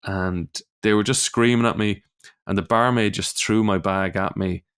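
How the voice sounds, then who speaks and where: A middle-aged Irish man, a comedian, telling a story in casual chat, animated and sweary, acting out the people in it. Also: on the low side, normal speed, clean tone. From Ireland. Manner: animated, swearing, acts out voices in anecdotes. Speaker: comedian guest.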